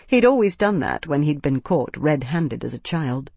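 An audiobook narrator reads a novel in an even, measured way. The voice is a little husky. The recording is close and dry. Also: mid-range voice, dry recording. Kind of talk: scripted narration.

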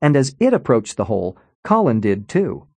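A man narrating an audiobook in an expressive storytelling manner, on a close studio mic. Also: medium pitch, moderate pace, husky, no room sound. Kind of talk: scripted narration.

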